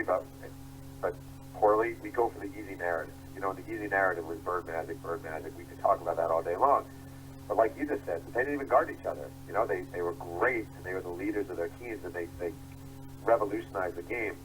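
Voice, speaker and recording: Low-voiced man telling lively stories. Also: a little hiss or hum, low-quality recording. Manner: animated storyteller acting out quotes. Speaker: author guest. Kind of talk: interview storytelling.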